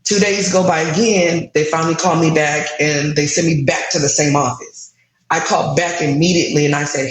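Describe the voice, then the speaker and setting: A woman's voice: low-pitched, fairly even intonation, fairly quick, reverberant, rough recording. A woman in her thirties candidly recounting a frustrating personal experience in an interview, with emotion in her voice. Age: 30s. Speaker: guest sharing her story.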